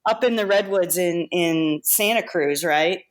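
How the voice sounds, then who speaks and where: Woman, podcast guest, lowish voice, animated storytelling, laughs and restarts. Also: a little slow. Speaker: guest makeup effects artist. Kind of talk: casual storytelling interview.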